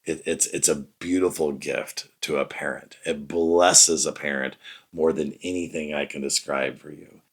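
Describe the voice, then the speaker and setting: Middle-aged male podcast host, very deep voice, earnest and conversational in his reflective talk. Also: steady tone, moderate pace, slightly rough. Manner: earnest, conversational, speaks straight to the listener.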